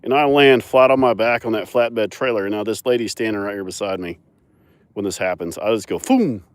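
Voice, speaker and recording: Lively young man telling farm stories. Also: lowish voice, brisk, dry recording. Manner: animated, laughing storyteller. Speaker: farmer and animal owner. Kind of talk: casual storytelling vlog. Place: outdoors on a rural mountain farm.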